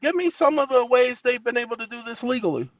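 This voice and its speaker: A man hosting his own channel, speaking to viewers in a folksy, animated way while dictating to a voice assistant and telling it to wake up. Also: very high voice, fast talker, no echo, muffled recording. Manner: animated, scolding, commanding interjections; folksy, addresses audience as y'all. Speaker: channel host.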